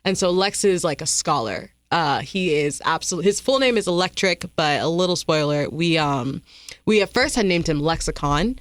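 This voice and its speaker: A woman's voice: on the low side, lively intonation, moderate pace, no room sound. A woman guest author on a radio show, describing her book enthusiastically, with frequent laughs and fillers. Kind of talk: radio interview chat. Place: radio studio.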